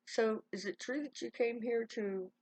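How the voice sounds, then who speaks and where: A woman's voice: a little high, normal speed, darkish tone, no echo, voice pushed up. A woman voicing a charming, brawny young carny man in a told story, chuckling as he talks. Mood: amused.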